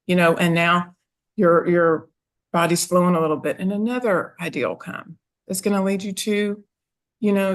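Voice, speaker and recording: A woman coach hosts an interview with a slightly low voice. She speaks in a reflective, thoughtful way, musing as she asks her questions. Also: vocal fry. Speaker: host, life coach. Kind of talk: interview conversation.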